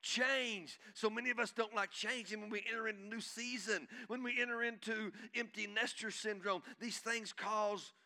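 A male pastor preaching a sermon, swinging from shouting to hushed intensity and calling out to the congregation. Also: high-pitched, fairly even intonation, normal speed, few pauses. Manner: calls out to the congregation.

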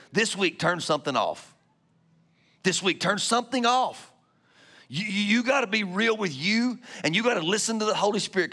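A man preaching a Pentecostal sermon, calling out to the congregation and swinging from loud shouts to hushed whispers. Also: sits high. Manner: calls out to congregation. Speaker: pastor.

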